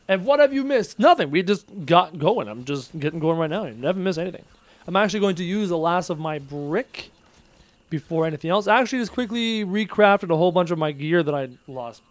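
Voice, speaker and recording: A man livestreaming a game, casually chatting, joking and reading out viewer messages as he plays. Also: fairly high pitch. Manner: animated, jokey, reads out chat messages. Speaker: gaming livestreamer. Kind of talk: casual livestream chat while playing.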